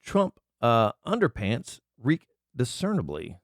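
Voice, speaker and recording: Ranting indignantly, a male commentary channel host mocks each item he reads aloud on his angry political show. He speaks slowly in a mid-range voice with huge pitch swings. There's no room sound, and the quality is studio grade.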